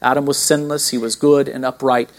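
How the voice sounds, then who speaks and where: A man preaching a sermon as pastor, emphatic, asking the listeners questions and slowing down to stress key words. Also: mid-range voice, little pitch movement.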